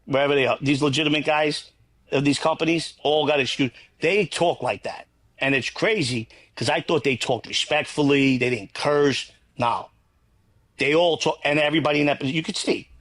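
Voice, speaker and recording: A man's voice: fairly high pitch, normal speed, a bit bright. Blunt, rambling man. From New York. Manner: blunt, rambling, swears freely. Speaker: guest. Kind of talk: casual interview talk.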